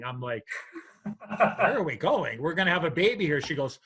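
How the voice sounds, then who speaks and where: Bright-voiced older man telling a story. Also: a little high, moderate pace, breathy edge, rough recording. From United States. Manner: animated, acts out voices in his anecdote. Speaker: podcast co-host. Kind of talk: storytelling in casual chat.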